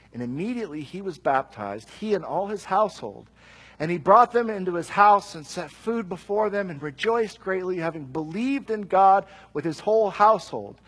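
A middle-aged man preaching a sermon, reading scripture and adding lively conversational asides. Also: high voice, husky, poor audio. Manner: conversational, animated asides with quick jokes.

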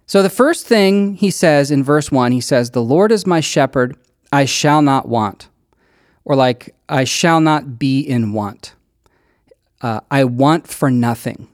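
A man's voice: a little high, no echo, studio quality. A man preaching a sermon in a conversational, earnest way, with emphatic stresses as he works through a passage. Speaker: pastor.

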